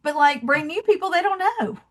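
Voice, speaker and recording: A woman with a Southern US accent, a podcast guest who talks in a lively way and acts out little scenes in voices. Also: very high-pitched, brisk. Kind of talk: conversational interview.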